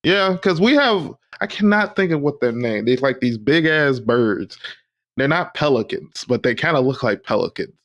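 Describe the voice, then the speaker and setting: A young man rambles through a story on a casual podcast, animated and full of fillers. His voice sits in an ordinary middle range for a man. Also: medium pitch, moderate pace. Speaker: podcast co-host. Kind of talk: casual chat.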